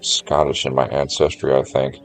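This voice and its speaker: A man's voice: very deep voice, monotone, normal speed. A man streaming a strategy game, thinking aloud and chatting casually to his viewers as he plans each move. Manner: thinks aloud, musing to chat. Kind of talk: casual gameplay commentary. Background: faint game music.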